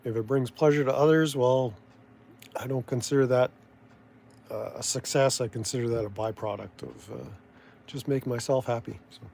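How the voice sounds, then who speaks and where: A man with a Canadian accent talking in a loose, meandering vlog style. His delivery is dry and sardonic, full of restarts and half-finished thoughts, at a mid-range pitch. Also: fairly even intonation, moderate pace, gravelly, darkish tone, slight background noise. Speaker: vlogger. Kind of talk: rambling casual commentary.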